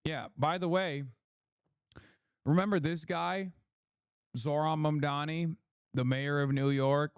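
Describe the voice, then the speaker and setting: A man's voice: fairly high pitch, steady tone, takes it slowly, long pauses, clear, resonant tone, dry recording, studio quality. A man streaming political commentary, swearing and ranting as he reads chat and polls. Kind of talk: casual livestream commentary.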